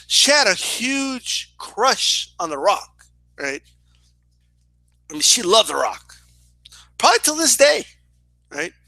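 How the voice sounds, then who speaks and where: A young man telling a story in a casual, animated way, swearing and often asking "right?". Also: high-pitched, no room sound. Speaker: boxing and wrestling commentator.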